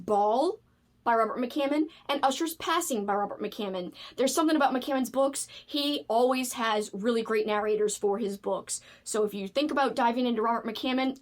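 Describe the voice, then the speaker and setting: Casual book vlogger, woman, higher voice, animated and gushing. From United States. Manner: animated, gushing, frequent fillers. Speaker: book video creator. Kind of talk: casual chat.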